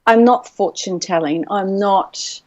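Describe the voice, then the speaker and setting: A woman's voice: mid-range voice, slow. Aussie woman chatting easy on a call, sound a bit muffled and lo-fi. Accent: Australian. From Australia. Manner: relaxed, explanatory, with fillers. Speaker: clairvoyant guest. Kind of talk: casual interview chat. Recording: dull remote call line.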